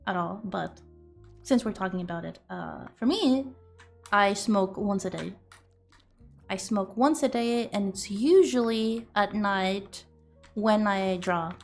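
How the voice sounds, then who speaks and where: Young woman streamer, loose and giggly, talks off the cuff over soft background music. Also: medium pitch, slow pace, vocal fry. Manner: rambling, giggly, swears freely. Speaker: streamer and artist. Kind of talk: casual stream chat.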